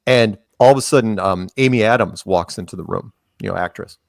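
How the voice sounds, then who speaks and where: A man's voice: low-pitched, fast, gravelly, dry recording. A man who is a podcast guest, telling rambling anecdotes in casual conversation and acting out quotes along the way.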